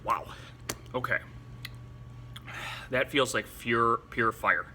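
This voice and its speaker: A man filming himself through a spicy food challenge, teary and runny-nosed, talking in halting bursts broken by gasps and exclamations. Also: mid-range voice, bright, forceful tone, a little hiss or hum. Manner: halting, breathless exclamations between short remarks. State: eyes watering, nose running, in pain from spice. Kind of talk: casual on-camera commentary.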